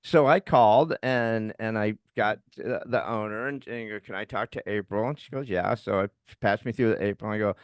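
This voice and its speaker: A man's voice: on the low side, brisk, few pauses, smooth, no echo, clean studio sound. Laughing male podcast storyteller. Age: middle-aged. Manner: animated, laughs while telling a story. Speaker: podcast co-host. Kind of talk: casual storytelling.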